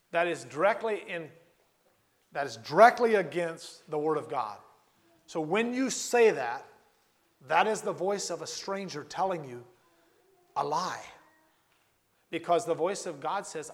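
A man preaching a sermon, earnest and repetitive, slowing down and repeating key phrases for emphasis. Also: a little high, expressive.

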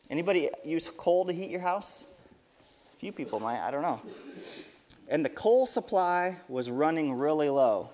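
Lively children's sermon storyteller. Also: medium pitch. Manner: lively, asks the kids questions. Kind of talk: story told to children with questions. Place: church service.

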